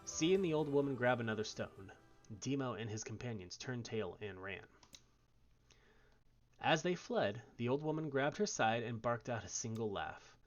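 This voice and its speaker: A man streamer reads story narration aloud with lively, swinging intonation. His pitch is mid-range for a man, and faint music plays underneath. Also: moderate pace. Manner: expressive read-aloud. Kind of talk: reading story text aloud.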